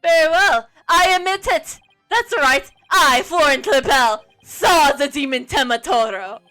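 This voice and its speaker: A woman putting on a vain designer man who preens over every word. His voice rides high and swoops, sharp and bright, and soft game music hums beneath. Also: expressive, a little slow, exaggerated voice. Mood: grand. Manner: pompous, theatrical, self-admiring. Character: flamboyant vain male fashion designer.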